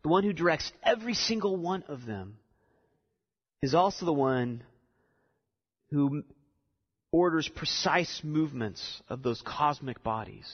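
A man's voice: a little high, animated, a little slow, pauses often, husky. A man preaching a sermon, explaining a text and building to emphatic repeated lines. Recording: dull sound with long reverb in a hall.

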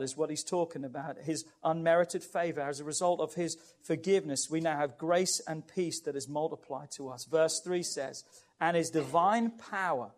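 A man preaching a sermon who reads scripture aloud, urges his congregation on, and builds to loud, impassioned climaxes. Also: a little high. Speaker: pastor.

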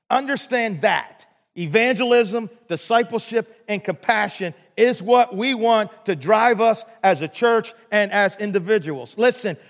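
A man with a notably high voice preaches to his church. His delivery is earnest, full of stumbling restarts and rhetorical checks, and a long reverb from the sanctuary hangs on every phrase. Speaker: pastor. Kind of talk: sermon.

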